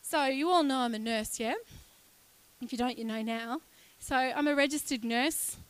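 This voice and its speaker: A woman preaching a sermon, animated and acting out voices as she talks. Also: high-pitched, moderate pace, smooth. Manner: animated, acts out voices and sound effects.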